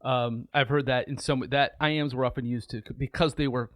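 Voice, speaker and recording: A man's voice: mid-range voice, steady tone, normal speed, a bit bright, no room sound, studio quality. A man co-hosting a podcast in a casual, agreeable way, with plenty of fillers. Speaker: podcast co-host.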